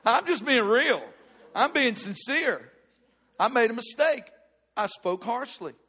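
A middle-aged male pastor preaching a sermon and telling a personal story, shifting between loud emphatic lines and hushed ones. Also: extremely high pitch, expressive, measured pace, breathy edge.

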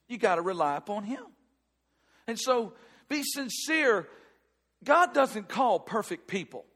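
Middle-aged pastor guy preaching, pretty high voice, goes loud then real quiet while telling a story. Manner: animated storytelling, shifting between loud and hushed. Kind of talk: sermon with personal story.

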